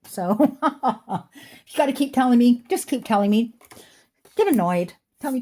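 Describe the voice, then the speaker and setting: Her voice sits on the high side with a darkish tone, lively intonation, and an unhurried pace. She's a middle-aged woman selling jewelry online from home, chatting and rambling as she displays items, a chair squeaking nearby.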